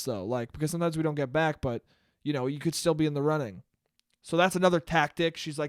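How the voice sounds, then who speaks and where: A man's voice: on the high side, a little fast, clean tone, no room sound, clean studio sound. A young man hosting a solo podcast, telling a rambling, profane, self-deprecating story in a casual monologue. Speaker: podcast host.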